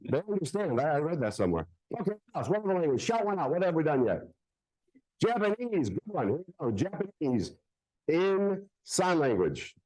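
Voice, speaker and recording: Male kids' magician, bouncy sing-song patter, warm mellow tone, playful. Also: a little high, very animated, normal speed, poor audio. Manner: playful, joking with the crowd. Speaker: children's magician. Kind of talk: live magic show patter. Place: public library event.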